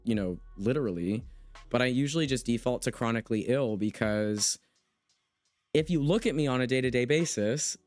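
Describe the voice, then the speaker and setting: A man's voice: mid-range voice, moderate pace, a little mellow, dry recording, soft background music. A young man from the United States hosting a casual conversation, talking earnestly and with emphasis. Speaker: podcast host. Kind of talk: casual conversation, reading chat comments.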